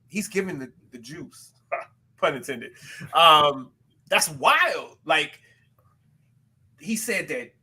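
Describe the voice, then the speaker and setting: A man from the West Coast of the US co-hosting a podcast in casual chat, talking animatedly with quick self-aware asides. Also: fairly high pitch, bright, forceful tone, breathy edge. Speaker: podcast co-host.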